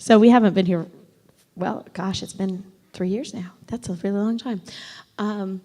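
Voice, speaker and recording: A woman giving an earnest farewell tribute at church, pausing to find her words. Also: mid-range voice, fairly even intonation, warm tone. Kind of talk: heartfelt tribute speech. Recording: long hall reverb.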